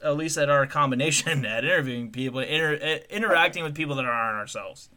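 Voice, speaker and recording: A man's voice: a little high, fast, pushed and bright. A man hosting a podcast in casual comedic chat, joking crudely with lots of swearing and frequent laughter. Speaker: podcast host.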